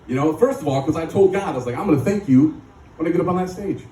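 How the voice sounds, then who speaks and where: A man's voice: fairly high pitch, lively intonation, fast talker, mellow, recorded from a distance, slight background noise. A man from Michigan speaking at a recovery rally, telling his story in a joking, rambling way with frequent laughs. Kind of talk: recovery testimony talk. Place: live rally stage. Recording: echoey and off-mic.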